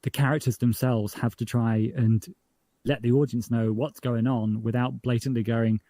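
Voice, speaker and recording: Chatty man with a dark, dry voice. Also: medium pitch, normal speed, no room sound. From northern England. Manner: chatty, self-correcting, animated when telling jokes. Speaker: guest, podcast creator. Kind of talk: casual interview.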